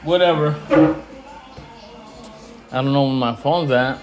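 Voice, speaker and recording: A man ranting casually to camera in slangy, profane talk, getting louder when he is indignant. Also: mid-range voice, measured pace, over loud music, rough recording. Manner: slangy, animated, swears freely; rising loud when indignant. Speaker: investing vlogger.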